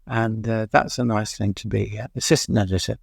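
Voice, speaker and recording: Older English music writer, gravelly, dry close mic, rambling anecdotes with fillers. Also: male voice, on the low side, little pitch movement, fairly quick, no room sound. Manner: rambling, many "uh" fillers, chuckles at his own stories. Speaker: music journalist guest. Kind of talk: anecdotal interview storytelling.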